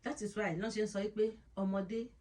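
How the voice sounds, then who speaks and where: A middle-aged woman with a Nigerian accent, the host's mother, explaining calmly and switching between Yoruba and English. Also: medium pitch, quick pace.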